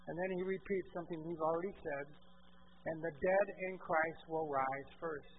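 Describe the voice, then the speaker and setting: A man preaching a sermon, asking the congregation questions and swinging from quiet asides to loud exclamations. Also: on the high side, moderate pace, phone-quality sound, slight background noise.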